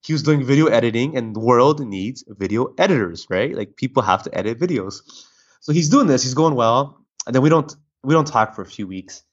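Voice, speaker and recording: Man, podcast guest, animated storyteller, dull lo-fi recording. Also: medium pitch, a little fast. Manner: animated storytelling with many restarts. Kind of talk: casual chat. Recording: dull lo-fi audio.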